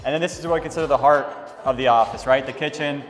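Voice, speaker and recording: Fast-talking, confident man giving a tour. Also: mid-range voice, faint music behind. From Phoenix area. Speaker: guest, brokerage owner. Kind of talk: casual interview, office tour. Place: inside a real estate office.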